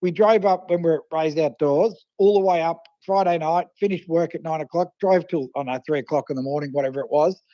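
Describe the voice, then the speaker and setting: An Australian man with a notably high voice tells fishing stories over the phone, slipping into the voices of the people he quotes. The line is muffled and a little dull, with no room sound around it. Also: fast, few pauses, dry recording. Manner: animated anecdotes, acting out quoted voices. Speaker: guest fishing writer and photographer. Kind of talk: casual storytelling over the phone.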